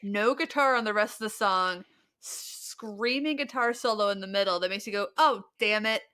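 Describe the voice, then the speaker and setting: A woman from Minnesota hosting a casual podcast with quick, joking banter. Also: medium pitch, pushed and bright. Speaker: podcast host.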